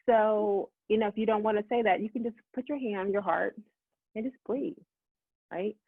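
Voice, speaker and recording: A middle-aged woman giving a motivational talk, talking fast and acting out her own inner voice. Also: medium pitch, husky, dry recording. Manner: fast-talking, animated self-talk quotes. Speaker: summit speaker. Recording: tinny phone-like line, dry.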